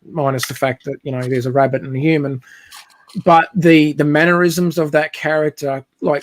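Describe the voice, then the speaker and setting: A man telling a long, rambling story in casual chat, speaking over a video call. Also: a little high.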